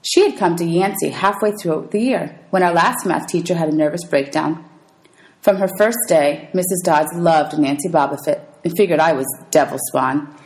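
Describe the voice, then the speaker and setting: A woman's voice: fairly quick, a little mellow, rough recording. A woman teacher reading a novel aloud to students, lifting her voice for the characters' lines and calling out page numbers. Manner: reads dialogue with raised pitch for characters, calls out page numbers.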